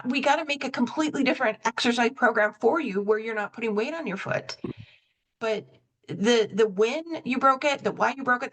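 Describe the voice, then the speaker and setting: A woman's voice: a little high, a bit bright. A woman hosting a coaching podcast, reflective and self-correcting, telling stories and acting out both sides of the dialogue. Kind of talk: conversational interview.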